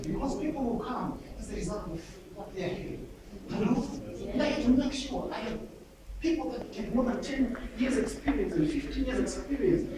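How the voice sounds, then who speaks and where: A man, coaching an audience on public speaking in a lively seminar style and calling out to the crowd. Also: extremely high pitch. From Zimbabwe. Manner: energetic, calls out to the audience. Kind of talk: motivational seminar talk. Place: large hall with an audience. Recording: echoey hall from far off, audience noise.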